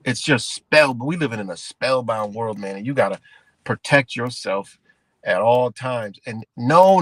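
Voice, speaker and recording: A man hosting a livestream, ranting in a rambling, profane, animated way and calling his viewers guys. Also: medium pitch, no room sound. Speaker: livestream host. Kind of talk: casual livestream rant.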